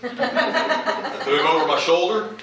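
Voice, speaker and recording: A man's voice: high voice, takes it slowly, a crowd in the background. A man giving a humorous eulogy for his father, telling family anecdotes and acting out what people said. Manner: animated comic anecdotes, acting out quoted lines. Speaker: eulogist, child of the deceased. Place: large memorial service hall. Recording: echoey hall, voice far from mic.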